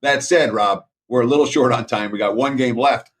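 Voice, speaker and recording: A man's voice: mid-range voice, normal speed, a little hiss or hum. A man co-hosting a sports betting show, enthusiastic and keeping the show moving. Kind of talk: casual show banter.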